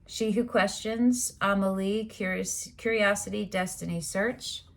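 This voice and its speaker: A woman giving a casual tarot reading, talking emphatically and animatedly, with swearing and loud outbursts. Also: medium pitch, fairly even intonation, unhurried, gravelly, slight background noise. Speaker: tarot reader.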